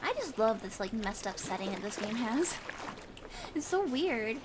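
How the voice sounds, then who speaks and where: A woman with a fairly high voice plays through a game on stream, talking casually and poking fun at herself. Noticeable background noise sits under her voice throughout. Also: sing-song, measured pace. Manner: chatty and self-deprecating, musing aloud. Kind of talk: casual let's-play commentary, reading game text aloud.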